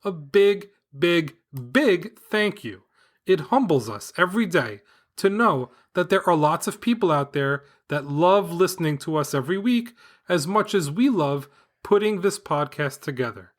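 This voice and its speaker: A man hosting a children's podcast with his daughter, reading a script in an upbeat, enthusiastic, clearly paced way. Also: sits high, lively intonation, measured pace. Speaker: podcast host and father. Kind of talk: scripted podcast narration for kids.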